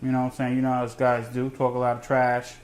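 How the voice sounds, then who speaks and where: A man hosting a casual home cooking show, talking fast and rambling with lots of restarts. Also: medium pitch, monotone, darkish tone. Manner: fast, rambling, self-correcting.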